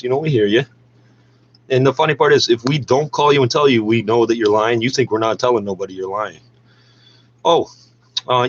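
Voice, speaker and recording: A man's voice: medium pitch, fairly bright tone, lo-fi sound. A man delivering a heated, sarcastic, profane monologue and talking back at the radio. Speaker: podcaster ranting over radio news.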